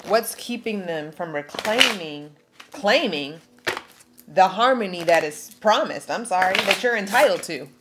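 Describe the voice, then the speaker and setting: A woman's voice: medium pitch, animated, unhurried, very noisy. A woman giving a spiritual tarot reading to camera. She preaches in an emphatic, slangy way, reads aloud from a card book, and is tearful. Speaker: tarot reader.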